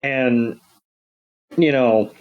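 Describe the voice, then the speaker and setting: A man's voice: medium pitch, very slow, dull audio. A man co-hosting a podcast, recapping a cartoon episode in casual chat, rambling with many fillers and acting out the characters' lines. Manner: rambling, many ums and you-knows, acts out quotes. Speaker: podcast co-host.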